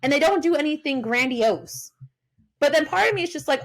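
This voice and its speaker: Animated high-voiced young woman. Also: brisk. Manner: animated, swears freely, acts out her own reactions. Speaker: podcast co-host. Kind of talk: casual chat.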